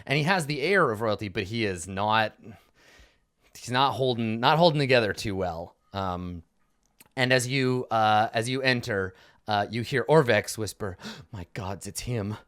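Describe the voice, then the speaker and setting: A man's voice: medium pitch, animated, moderate pace, fairly bright tone, smooth. A man narrating as game master of a tabletop game, rambling with fillers and restarts.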